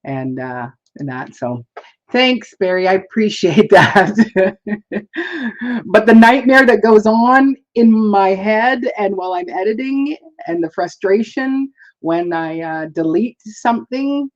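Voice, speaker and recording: A woman's voice: mid-range voice, lively intonation, takes it slowly, lo-fi sound. A woman hosting a live stream, chatting in a rambling, casual way, laughing often and greeting viewers. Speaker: livestream host.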